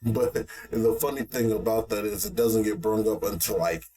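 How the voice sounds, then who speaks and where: A man co-hosting a casual podcast, chatting about an anime with lots of laughter and sudden high-pitched impressions of the characters. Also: normal speed, mellow, husky. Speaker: podcast co-host. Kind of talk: casual anime recap chat.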